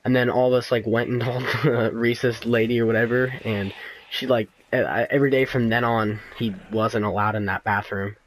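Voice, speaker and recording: A man's voice: medium pitch, steady tone, a little fast, a little hiss or hum, poor audio. A teenage boy telling a rambling school story over gameplay, full of fillers and restarts. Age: teens. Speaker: gaming commentator.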